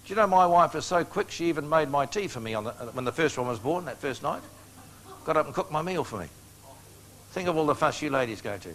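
A man's voice: on the high side, expressive, fast talker, a bit bright, a little hiss or hum. An older man, preaching a storytelling sermon in a folksy, joking way and chuckling at his own anecdotes.

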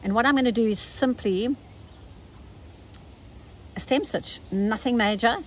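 A woman's voice: fairly high pitch, a little slow, slight background noise, poor audio. South African woman teaching embroidery. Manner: chatty, gentle step-by-step instruction. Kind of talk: casual stitching tutorial.

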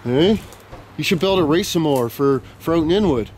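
A young man vlogging outdoors on a handheld camera, rambling and joking loudly with plenty of slang and swearing. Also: a little high, expressive, a little fast, a little hiss or hum. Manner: loud, profane, joking banter with lots of slang. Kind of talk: casual rambling vlog chat.

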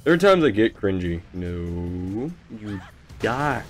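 A man talks through a game he is playing in a loose, rambling way, full of fillers and restarts. His delivery is deadpan and sarcastic, and he swears freely. Faint game music runs under his voice. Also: on the low side, slow. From United States. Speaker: gaming channel host. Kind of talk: casual gameplay commentary.

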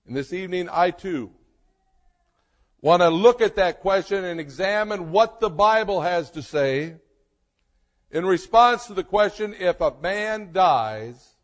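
A pastor delivers a sermon in a high, unhurried voice, weighting each word emphatically and leaving long pauses. A long reverb trails after his words.

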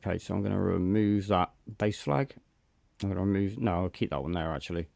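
A man's voice: low voice, brisk, gravelly, a little mellow, no room sound. A man with a Bristolian accent chatting casually while playing a survival game on stream, calling people mate. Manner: laid-back, chatty, says mate a lot. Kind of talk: casual gaming chat.

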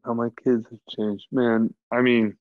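A man's voice: medium pitch, level tone, unhurried, no room sound. A man answering interview questions thoughtfully, searching for the right words. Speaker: podcast guest. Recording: slightly dull, dry sound.

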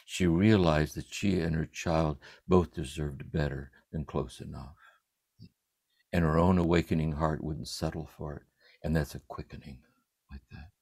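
An older man speaking from a room at home over a livestream, giving a contemplative spiritual reflection in a meditative way, letting his phrases trail off softly. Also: rumbling low, vocal fry, no room sound. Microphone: livestream computer mic.

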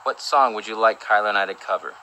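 A man chatting casually on a livestream from home, upbeat and relaxed as he promotes upcoming shows. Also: on the low side, quick pace, a little hiss or hum, low-quality recording. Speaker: co-host of a livestream. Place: their home.

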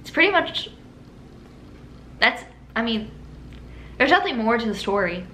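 A young woman vlogger telling a childhood story in a chatty, animated way, with lots of laughs and filler words. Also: fairly high pitch, a little slow. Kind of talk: casual story-time monologue. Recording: roomy room echo with faint hiss.

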